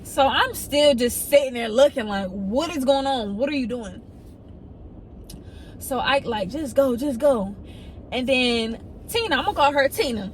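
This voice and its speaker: A woman's voice: normal speed, slight background noise, rough recording. A young woman, telling a story casually and acting out the people in it. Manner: animated storytelling, quoting others in excited high voices.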